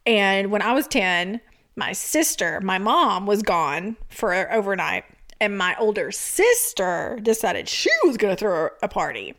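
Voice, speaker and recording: A woman, co-hosting a podcast and telling stories in a lively, laughing way. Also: mid-range voice, unhurried. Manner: animated, laughing often, acts out quotes. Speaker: podcast co-host. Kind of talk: casual storytelling chat.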